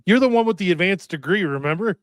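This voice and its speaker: A man's voice: high-pitched, animated, quick pace, no echo. Hesitant man, dry close sound. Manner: hesitant, many ums, looking things up while talking. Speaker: podcast co-host. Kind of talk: casual podcast chat.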